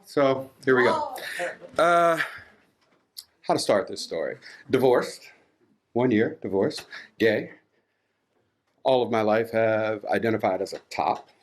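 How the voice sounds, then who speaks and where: A man's voice: medium pitch, a little hiss or hum. A man in his forties from Washington, D.C., telling a candid, self-mocking story live on a theatre stage. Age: 40s. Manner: candid, self-mocking, laughing through the tale.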